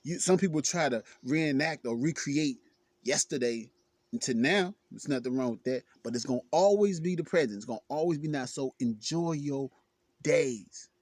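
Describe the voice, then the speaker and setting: A man's voice: mid-range voice, normal speed, darkish tone, no room sound, studio quality. A man giving an earnest, emphatic self-help talk, repeating phrases for emphasis. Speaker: motivational speaker. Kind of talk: self-help video monologue.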